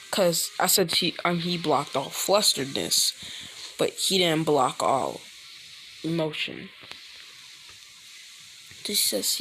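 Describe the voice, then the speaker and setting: A woman's voice: sits low, expressive, unhurried, pauses often, background noise. A woman improvising a fan story in a rambling way, often correcting herself, while food sizzles in a pan in her kitchen. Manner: rambling, frequent self-corrections. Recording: frying food sizzling behind.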